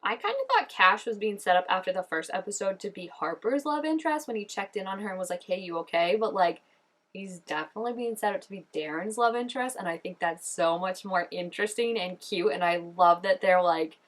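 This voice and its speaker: A woman's voice: medium pitch, animated, a little fast, a bit bright. A young woman reacting to a show episode in casual, gushing commentary, chatty and full of "like". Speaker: reaction vlogger.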